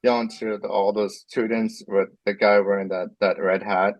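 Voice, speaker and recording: A man in his thirties from Portland, a podcast guest, speaking haltingly with many fillers. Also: lowish voice, level tone, dry recording, low-quality recording. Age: 30s.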